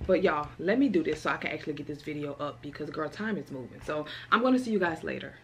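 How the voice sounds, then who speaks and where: A woman's voice: low-pitched, lively intonation, fast. A young woman chatting casually to her camera at home, calling her viewers "girl" and "y'all". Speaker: vlogger. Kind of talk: casual vlog chat to camera. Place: at home in an apartment. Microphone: camera on a tripod.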